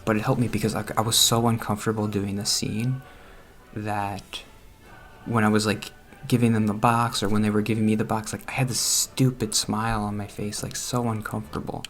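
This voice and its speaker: A young gaming vlogger chats casually over gameplay in a room at home, rambling and self-conscious and often breaking into nervous laughs. His voice is lowish and brisk, with little pitch movement.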